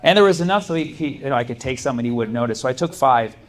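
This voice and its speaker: A man's voice: medium pitch, lively intonation, racing, heavy background noise. A man performing a stand-up comedy set, telling stories animatedly and laughing often. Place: comedy club stage.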